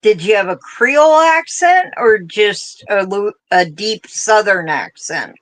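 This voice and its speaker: A woman with a central Pennsylvania accent chats casually while crocheting on a craft livestream, laughing often and reading out viewer comments. Her mid-range voice is expressive, and she takes her time.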